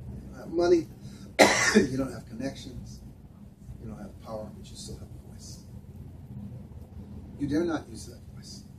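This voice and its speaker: A man giving an earnest, reflective talk with personal stories to volunteers, speaking unhurriedly with frequent pauses. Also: medium pitch. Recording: echoey room, heard from a distance, noisy.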